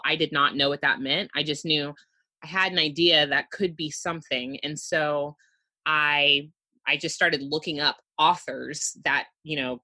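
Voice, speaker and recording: Low, bright-toned chatty woman. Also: slightly rough, dry recording. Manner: chatty, many "you know" fillers. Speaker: guest, debut picture book author. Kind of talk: casual conversational interview.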